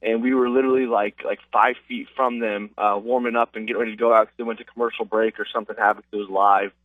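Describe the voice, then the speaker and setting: Rambling fighter on a tinny phone line. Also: male voice, on the low side, flat delivery, fast talker, dry recording, far from the mic. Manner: casual, rambling with many fillers. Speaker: MMA fighter guest. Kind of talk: phone interview storytelling.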